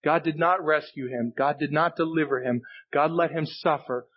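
A man's voice: on the high side, normal speed, highs cut off. A male pastor preaching a sermon, earnest and emphatic, repeating key phrases for weight. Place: church sanctuary.

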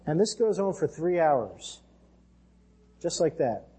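A man's voice: fairly high pitch, big pitch swings, takes it slowly, warm tone, breathy edge. A man with an American accent preaching an earnest sermon as pastor, lifting his voice when he reads scripture.

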